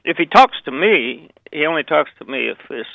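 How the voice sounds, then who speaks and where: An older Southern man tells his stories in a rambling way, chuckling and restarting his sentences. His voice is heavily gravelly and full of fry. It comes over a dry, tinny phone line. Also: a little high, very animated, moderate pace, no room sound. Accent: Southern American. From Memphis, Southern US. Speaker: guest, actor and author. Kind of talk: relaxed anecdotal interview.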